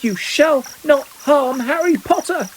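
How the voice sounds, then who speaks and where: A man voicing a small, excitable male house-elf who talks about himself in the third person. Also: very high-pitched, takes it slowly, slight background noise, pitched above the performer's own voice, full character voice, low-quality recording. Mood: fierce.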